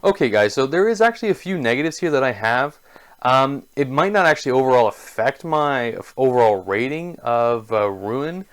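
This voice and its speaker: A man's voice: mid-range voice, lively intonation, moderate pace, clear, resonant tone, soft background music. A man giving a casual spoken book review, enthusiastic and gushing, with lots of filler words.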